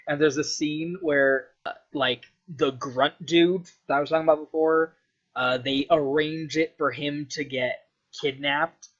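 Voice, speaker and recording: A man's voice: a little high, fairly even intonation, a little slow, fairly bright tone. Young man rambling casually, sweary. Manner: loose, sweary, full of filler "like". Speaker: vlogger. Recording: dull lo-fi recording.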